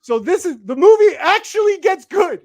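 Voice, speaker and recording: A man's voice: very high voice, very animated, darkish tone, no echo. Rambling man recapping a film. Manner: rambling, halting, with many restarts. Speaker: co-host reviewing a movie. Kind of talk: casual podcast chat.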